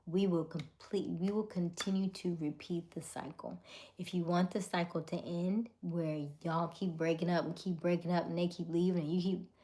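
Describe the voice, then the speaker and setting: A woman hosting a live stream, greeting viewers by name and giving gentle, encouraging advice. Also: lowish voice. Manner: greets viewers and reads comments aloud.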